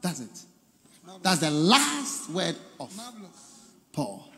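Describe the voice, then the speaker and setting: A Ghanaian-accented male preacher with a very high, gravelly, bright voice, delivering a slow, emphatic sermon. He swings from quiet asides to shouted lines. A long hall reverb trails every phrase. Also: big pitch swings. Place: large seminar hall.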